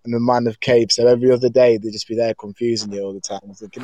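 Male co-host, mid pitch, casual chat, dry teasing humor. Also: little pitch movement, fast, warm tone. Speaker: podcast co-host.

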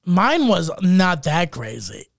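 A young man co-hosting a podcast, joking around in casual chat with quick interjections. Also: high-pitched, wildly swooping pitch, vocal fry, no room sound, clean studio sound. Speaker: podcast co-host.

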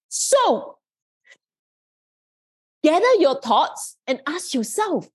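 Female podcast host, motivational monologue; high voice that swings widely, earnest and coaching.

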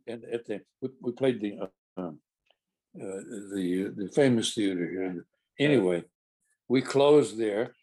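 An older stage actor with a medium-pitched, slightly mellow voice tells a rambling backstage anecdote. He sounds amused and keeps restarting as he goes, in a casual storytelling style.

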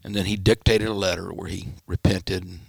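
A man, a pastor, telling a personal story in an interview and acting out the quoted dialogue with sudden pitch jumps. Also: fairly even intonation, fairly quick, gravelly, husky, no echo, studio quality. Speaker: pastor, guest. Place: church studio.

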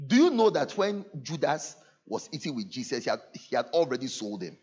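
A man preaching a sermon to his church, earnest, moving between loud emphasis and soft asides. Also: medium pitch, sing-song, brisk, slightly rough, lo-fi sound. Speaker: pastor. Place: church service.

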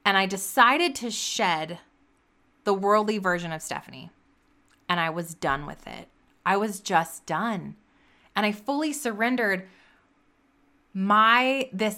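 A woman's voice: mid-range voice, pushed and bright. A woman hosting a faith-based talk, speaking earnestly and piling up repeated phrases for emphasis. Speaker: podcast host.

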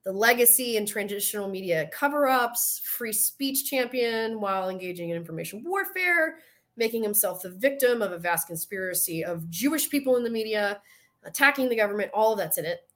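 A woman's voice: medium pitch, lively intonation, a little fast, fairly bright tone. A woman with a Southern US accent, hosting a podcast in casual chat, telling stories animatedly and acting out quotes. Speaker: podcast host.

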